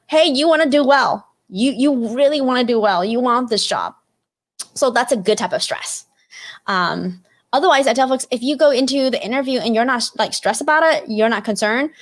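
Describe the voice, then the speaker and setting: A woman hosting a live career webinar over a video call, talking casually with lots of fillers and frequent "right?" checks. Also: mid-range voice. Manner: chatty, many fillers like "like" and "you know", frequent "right?" tag questions. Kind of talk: casual instructive webinar talk.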